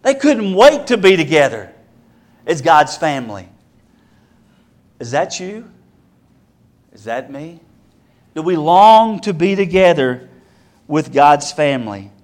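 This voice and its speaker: A man's voice: on the high side, very animated, takes it slowly, pauses often. Earnest man preaching in rhetorical questions. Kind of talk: sermon.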